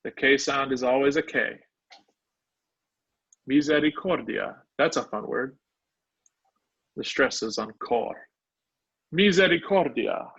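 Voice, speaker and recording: A man's voice: mid-range voice, steady tone, unhurried, long pauses, fairly bright tone, slightly rough. A male instructor teaching a live online class, sounding out words syllable by syllable. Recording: dull lo-fi online call audio.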